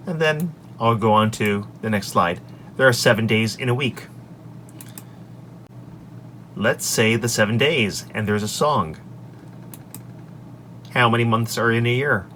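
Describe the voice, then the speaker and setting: A man who teaches English, recorded in his office on a desk microphone, walking through his lesson slides in an upbeat way and saying each example sentence clearly. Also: medium pitch, bright, forceful tone, slight background noise. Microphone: desk microphone on an extension arm.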